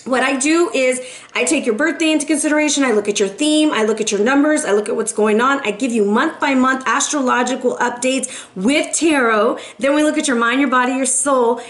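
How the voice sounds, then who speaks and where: A woman's voice: sits high, fairly quick. Chatty, emphatic tarot-reading woman. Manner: chatty and emphatic, often asking "right?". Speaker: tarot reader. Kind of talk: monthly tarot reading to camera.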